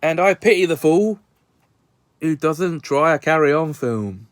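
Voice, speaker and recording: A British man casually reviews a film in a relaxed way. His voice is smooth and clear, a touch high for a man, and the recording is dry and close. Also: measured pace, dry recording. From Britain.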